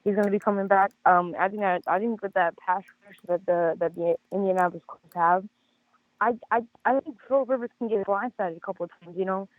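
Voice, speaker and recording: Hoarse, fast-talking caller on a phone line. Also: male voice, sits high, no room sound. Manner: rambling, with many stammered restarts. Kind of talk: casual sports call-in chat.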